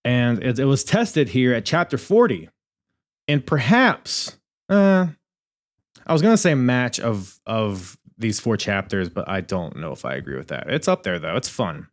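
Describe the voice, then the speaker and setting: A young man hosting a podcast, reviewing in a casual, animated way, swearing and laughing at his own asides. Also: mid-range voice, unhurried. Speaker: podcast host.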